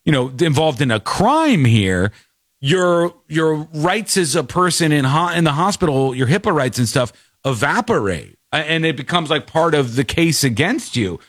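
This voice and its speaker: A man's voice: fairly high pitch, big pitch swings, moderate pace, fairly bright tone, no room sound. A man telling a story in casual chat, acting out the people in it with shifting voices. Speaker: podcast host.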